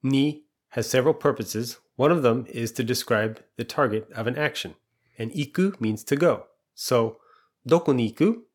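A man's voice: medium pitch, moderate pace. Patient man teaching a language lesson. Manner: patient, clear step-by-step explanations with quiz questions.

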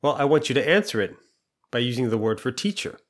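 A man's voice: mid-range voice, lively intonation, fast talker, a bit bright. A man explaining a language lesson patiently and step by step, asking quiz questions and walking through the answers. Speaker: language teacher.

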